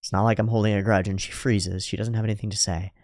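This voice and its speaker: A man's voice: fairly low pitch, level tone, quick pace, a little mellow, no echo, studio quality. Analytical man breaking down a scene. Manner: analytical, paraphrases scenes, rhetorical asides. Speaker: reaction video host. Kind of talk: anime reaction commentary.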